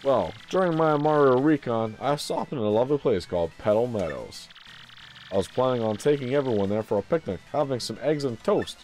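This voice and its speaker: A man's voice: mid-range voice, animated, brisk, a little mellow, faint music behind, lightly acted. A man voicing an old female turtle witch who serves her king, fawning and overly polite. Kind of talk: voicing game dialogue during a playthrough.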